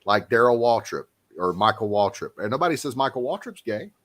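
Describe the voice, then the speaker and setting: A man's voice: mid-range voice, big pitch swings, fairly quick, a bit bright. A man hosting a casual fishing podcast, talking in a laid-back but emphatic way. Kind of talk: casual chat.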